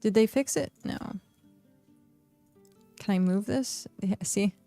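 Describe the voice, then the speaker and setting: A woman game streamer talks casually to her chat, reading viewer questions aloud and rambling through fillers and restarts. Her voice carries a gravelly vocal fry. The sound is dry, close and up front. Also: mid-range voice, takes it slowly, warm tone, no echo, soft background music. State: hiccuping.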